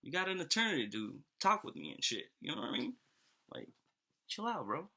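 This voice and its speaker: A man voicing a relaxed, slang-talking God who tells people to chill out. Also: fairly high pitch, a little fast, creaky, pitched above the performer's own voice, exaggerated voice. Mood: laid-back. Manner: casual, teasing, says bro and chill. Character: laid-back slangy male God.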